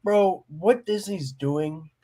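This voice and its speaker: A man's voice: high voice, takes it slowly, dark tone. A young man talking about his own film during a livestream, eager and hesitant, with many restarts. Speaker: guest filmmaker. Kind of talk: casual livestream chat.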